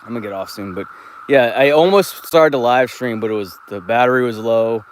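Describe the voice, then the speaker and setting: A man's voice: medium pitch, a little fast, a little hiss or hum. Rambling man streaming on a walk. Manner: rambling, laid-back, swears freely. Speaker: live streamer. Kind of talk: casual rambling live stream. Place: outdoors, walking through a park and woods.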